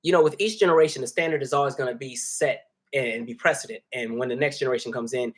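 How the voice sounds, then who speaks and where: A man hosting a casual live stream, reading viewer comments and talking freely, animated and laughing often. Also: mid-range voice, fast talker. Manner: animated, laughs often, jumps between soft asides and loud bursts. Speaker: host.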